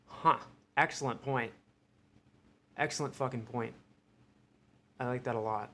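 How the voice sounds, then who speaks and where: A man's voice: mid-range voice, steady tone, measured pace, fairly bright tone. Profane rambling American man streamer. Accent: American, mixed Midwestern and New York tinge. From Ohio, USA. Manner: rambling, profane, thinking aloud. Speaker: livestream host. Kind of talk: casual live-stream chat.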